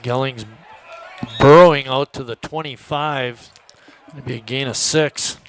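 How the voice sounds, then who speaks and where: A man doing play-by-play for a high school football game, relaxed and folksy with many fillers. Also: unhurried, a little hiss or hum. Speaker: play-by-play announcer.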